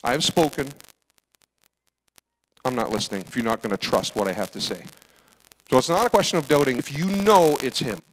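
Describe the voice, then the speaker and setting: A man preaching a sermon as pastor, acting out dialogue with big swings from loud to hushed. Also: mid-range voice, expressive, fairly quick, pauses often, slightly rough, poor audio.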